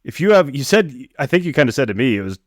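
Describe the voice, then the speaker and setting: A man's voice: medium pitch, big pitch swings, fast talker, no room sound, clean studio sound. A man hosting a podcast, asking loose, meandering questions with fillers in a casual way. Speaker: podcast host.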